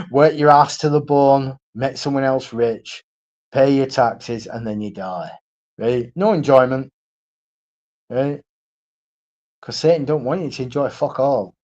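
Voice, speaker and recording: A man's voice: medium pitch, measured pace, a little mellow, lo-fi sound. A man ranting on his own live stream, blunt and profane, repeating himself and asking "right?" again and again. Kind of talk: solo livestream rant.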